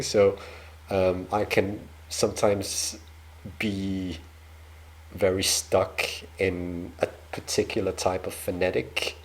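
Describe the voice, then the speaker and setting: Slow, low-voiced Danish man. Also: darkish tone. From Denmark. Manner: hesitant, self-deprecating, lots of fillers. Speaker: reaction video host. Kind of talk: casual reaction commentary.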